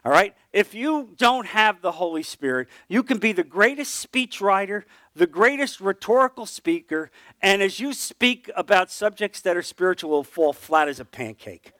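A middle-aged man teaching a Bible class shares a personal testimony earnestly and conversationally, with lively intonation at normal speed and hardly any pauses. His voice drops low and soft at emotional moments. The recording is clean studio sound with no echo.

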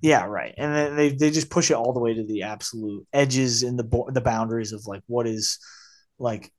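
A man's voice: mid-range voice, normal speed. A man co-hosting a film podcast, talking in a loose, rambling way with many fillers and acted-out quotes. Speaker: podcast co-host. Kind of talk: casual film discussion.

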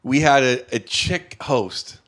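A man's voice: medium pitch, lively intonation, takes it slowly, fairly bright tone. A male comedian telling a gig story on a podcast in a blunt, offhand way. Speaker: touring comedian, guest.

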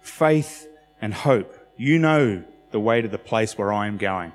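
A man's voice: fairly low pitch, animated, measured pace. A man preaching a sermon in a loose, conversational way, with self-deprecating asides and acted-out quotes. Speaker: pastor. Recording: long hall reverb with faint music.

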